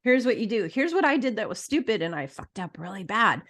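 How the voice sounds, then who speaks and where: A woman's voice: medium pitch, big pitch swings, a little fast, a bit bright. A middle-aged woman hosting a casual interview show, talking emphatically and bluntly, swearing freely as she lectures her listeners. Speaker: podcast host.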